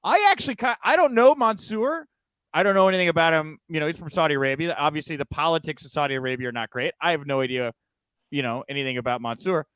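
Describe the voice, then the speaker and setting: Smooth-voiced man hosting a chat. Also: on the high side, a bit bright, no room sound. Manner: chatty, quick asides and laughs. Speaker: podcast host. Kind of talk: casual chat.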